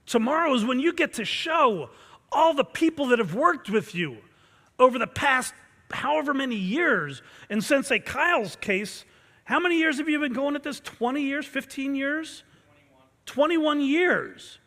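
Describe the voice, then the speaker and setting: A man with a high, ringing voice delivers a fired-up pep talk as a martial arts instructor, pushing his class to chant with intensity. His words bounce around a big hall with a long echo. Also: animated, normal speed, pushed and bright. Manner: intense, urging call-and-response chants. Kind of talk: motivational pep talk to students. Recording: long reverb from a large hall.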